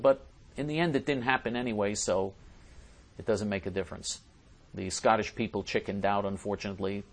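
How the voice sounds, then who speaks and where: Emphatic male talk show host. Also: on the low side. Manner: emphatic, repeats and restarts phrases. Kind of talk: reading listener messages aloud on a talk show.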